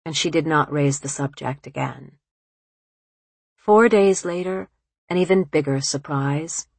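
Slow, husky woman narrator. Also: deep voice, a little mellow, dry recording. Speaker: audiobook narrator. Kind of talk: scripted literary narration.

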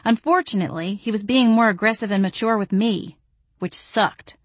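A woman reads a first-person audiobook with a wry, deadpan touch. Her voice sits in an ordinary middle register. The sound is dry and close to the mic. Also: medium pitch, normal speed, no echo. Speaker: audiobook narrator.

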